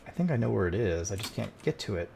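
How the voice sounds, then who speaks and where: A man's voice: on the low side, animated, quick pace, vocal fry, dark tone, a little hiss or hum. A man streaming a cleaning game, muttering and exasperated as he talks to the game, in casual gameplay commentary.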